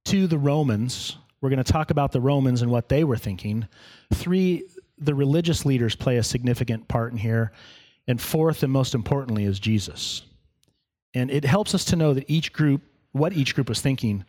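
Man giving a relaxed, joking sermon. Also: medium pitch, normal speed. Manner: conversational, with humorous asides. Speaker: pastor. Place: church.

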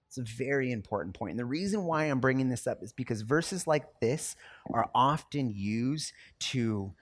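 A man preaching a sermon as a pastor, talking conversationally and acting out everyday quotes. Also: mid-range voice.

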